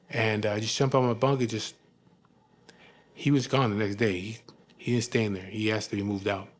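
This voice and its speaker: A man frankly telling the story of his own past, in rough, profane speech full of "you know what I mean". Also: on the low side. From California. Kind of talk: candid personal storytelling.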